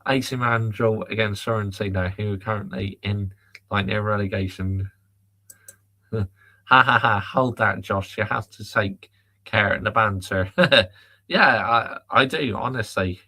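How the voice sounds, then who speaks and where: Exasperated bright-voiced football host. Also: male voice, fairly low pitch, a little slow. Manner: exasperated, reads out viewer comments and answers them. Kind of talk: live chat reaction rant.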